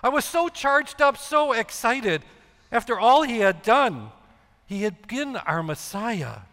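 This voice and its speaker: A man acting out a guilt-ridden middle-aged apostle in a stage monologue, with a high, tense voice. He talks slowly, with agitated, halting questions and much self-reproach. A long reverb from a big hall hangs on every word. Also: sing-song, pushed and bright, heavily acted. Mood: regretful. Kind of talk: dramatic monologue.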